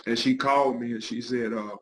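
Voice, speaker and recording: A man's voice: medium pitch, fairly even intonation, a little fast, a bit bright, slight background noise, poor audio. A middle-aged man, a guest pastor and counselor, telling his life story in an interview with an earnest, heartfelt manner.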